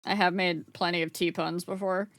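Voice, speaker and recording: Bright chatty woman streamer. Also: on the low side, level tone, moderate pace, no echo, studio quality. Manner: chatty, swears freely, laughs often, talks to chat. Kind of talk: casual live-stream chat.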